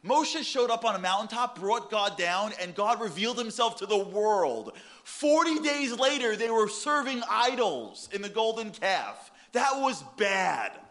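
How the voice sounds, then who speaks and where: A man giving a humorous sermon, animated and telling stories. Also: sits high, measured pace. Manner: animated, comic, storytelling. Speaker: speaker.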